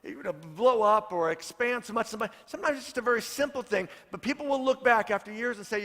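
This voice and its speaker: A man's voice: very high voice, quick pace, hardly any pauses, a bit bright, in a large hall. A man, a pastor, preaching a sermon in a storytelling way and repeating his points for emphasis.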